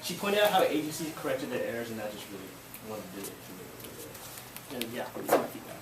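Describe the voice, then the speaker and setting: A man's voice: medium pitch, big pitch swings, fairly quick. A male student giving casual peer feedback in a classroom, with many fillers like "like". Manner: casual, laughing, filler-heavy. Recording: echoey, distant, noisy classroom recording.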